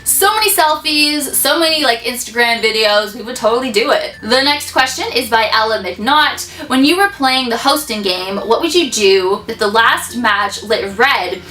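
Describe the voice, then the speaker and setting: A woman's voice: a little high, normal speed, few pauses, pushed and bright, soft background music. A young woman answering fan questions in a casual vlog, bubbly and gushing, laughing often. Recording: echoey room.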